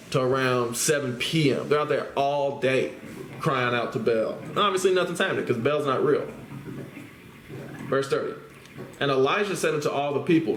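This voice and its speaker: A man teaching the Bible, reading scripture aloud and then explaining it in casual talk, often checking in with listeners through tag questions. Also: mid-range voice. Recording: roomy echo.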